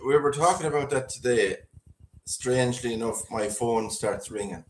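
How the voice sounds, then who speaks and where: Man, storytelling co-host, animated, acts out both callers, roomy echo. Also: mid-range voice, moderate pace, a little hiss or hum. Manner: animated anecdote, acts out both sides of a phone call. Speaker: co-host on a livestream. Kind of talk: casual storytelling.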